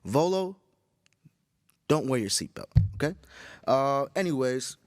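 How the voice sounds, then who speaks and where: A tired, groggy man hosting a casual solo podcast, rambling with profanity and animated storytelling. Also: medium pitch, unhurried, dry recording, studio quality. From Chicago area. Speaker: podcast host.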